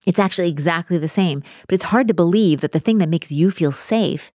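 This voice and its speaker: A woman speaking as a relationship coach in a casual podcast conversation, animated and acting out the voices she quotes. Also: lowish voice, a little fast, no room sound, studio quality.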